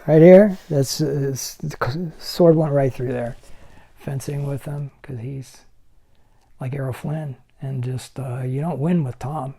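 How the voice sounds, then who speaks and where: A man's voice: mid-range voice, a little slow, husky. A man in his sixties, a special effects makeup artist, telling anecdotes in an interview and acting out other people's lines as he goes. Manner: animated storyteller who acts out other people's lines. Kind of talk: anecdotal storytelling.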